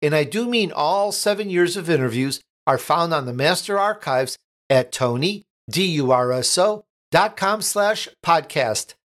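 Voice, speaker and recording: A male radio host reading his show's intro and segment links. His voice sits a bit high and moves along smoothly. He sounds polished and scripted. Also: animated, a little slow, a bit bright. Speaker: show host. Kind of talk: radio show hosting.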